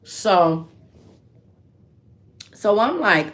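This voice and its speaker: A woman hosting a casual livestream, telling a story in a loose, animated way and answering her viewers with endearments like sweetheart and baby. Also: on the low side. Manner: loose, drawn-out delivery with restarts. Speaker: livestream host.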